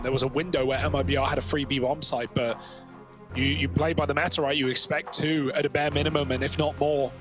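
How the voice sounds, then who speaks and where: Analytical esports commentator over music. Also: male voice, a little high, fairly even intonation, fast. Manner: analytical, conversational, talks through team standings.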